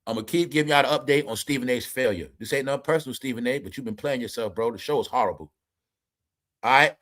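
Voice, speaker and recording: A man's voice: medium pitch, fast, a bit bright. A man hosting an entertainment commentary show, ranting emphatically and profanely straight to his viewers. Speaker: commentary channel host.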